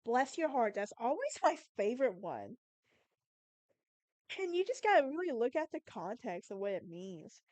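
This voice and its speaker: Southern woman with a sassy, emphatic delivery, high voice, dry close sound. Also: sing-song, normal speed, a little mellow, no room sound. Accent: Southern American. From Southern United States. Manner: sassy, emphatic, talks straight to the listener. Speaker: podcast host. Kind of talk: casual monologue.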